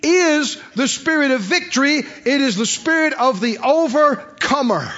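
A preacher delivering an emphatic sermon, rising at times to hollering, on a dull lo-fi recording. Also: male voice, extremely high pitch, expressive, measured pace, sharp tone.

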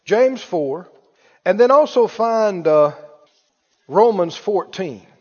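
A man's high, slightly rough voice carries lively intonation as the pastor preaches slowly to a live congregation. He's emphatic, repeats key phrases, and asks the listeners if they hear him; the sound is dull and lo-fi, echoing through a hall.

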